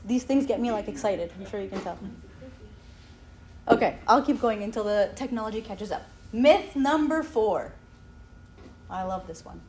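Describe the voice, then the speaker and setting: A woman in her thirties giving an animated talk with slides at a church gathering, often tagging her sentences with "okay?". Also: medium pitch, a little hiss or hum. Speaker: speaker at a church youth talk. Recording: echoey hall, faint ambience.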